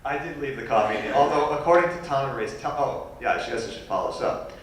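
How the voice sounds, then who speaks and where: A man telling a funny personal story as a guest speaker at a university lecture, animated and self-deprecating. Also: medium pitch, quick pace. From New York. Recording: echoey hall recorded from far off.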